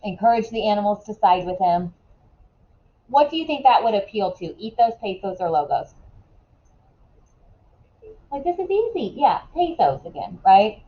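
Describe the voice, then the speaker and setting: A woman teaching a classroom lesson in a casual way, asking quick questions and often checking in with "right?". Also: medium pitch, lively intonation, dull audio.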